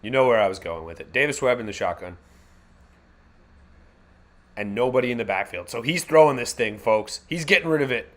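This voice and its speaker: A man hosting a live fan reaction stream, calling the game play by play in a casual, wisecracking way with slang and quick self-corrections. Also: on the low side.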